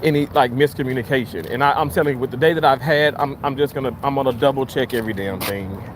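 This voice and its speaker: A man's voice: mid-range voice, fast, noisy background. A man ranting in a casual vlog from his car, frustrated and swearing as he rambles. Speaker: vlogger.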